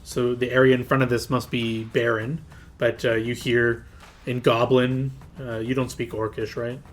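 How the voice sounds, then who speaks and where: A man's voice: medium pitch, little pitch movement, moderate pace, slight background noise. A man running a tabletop game as game master, describing scenes in a rambling way with plenty of filler words.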